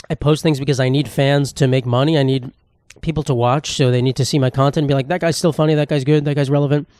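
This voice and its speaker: A man's voice: a little high, a little mellow, no room sound, studio quality. A young man, a comedian hosting his own podcast, rambling casually in a self-deprecating way and swearing freely. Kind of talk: casual solo monologue.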